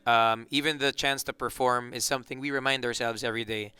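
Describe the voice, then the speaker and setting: Filipino musician for a loose, joking interview, bright and crisp, dry sound. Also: male voice, mid-range voice, a little fast, no room sound. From Philippines. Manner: relaxed, joking, rambling with restarts. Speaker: band member. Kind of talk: casual interview chat.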